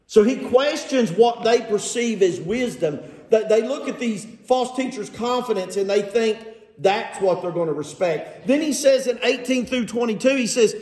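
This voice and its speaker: A man with a high voice preaches a sermon in a church, reading from scripture and retelling it with sarcasm. He keeps putting rhetorical questions to his congregation. The sound carries a roomy echo. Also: expressive, normal speed, darkish tone. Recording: echoey room.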